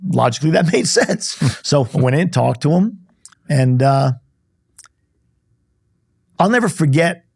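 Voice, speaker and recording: A man's voice: a little high, expressive, measured pace, gravelly, pauses often, darkish tone, breathy edge, no echo, clean studio sound. A man in his fifties, a podcast guest, telling his life story in a candid, blunt way, acting out the dialogue. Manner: candid, blunt storyteller who acts out dialogue and swears lightly. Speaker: guest, insurance company CEO. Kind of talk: storytelling in casual conversation. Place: podcast studio.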